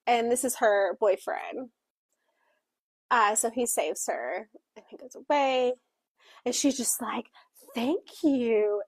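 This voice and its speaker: Slow-talking woman retelling a plot. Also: on the high side, dry recording. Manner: animated retelling with acted-out quotes, frequent fillers. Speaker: book club co-host voicing for a Deaf co-host. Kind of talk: casual book club plot summary.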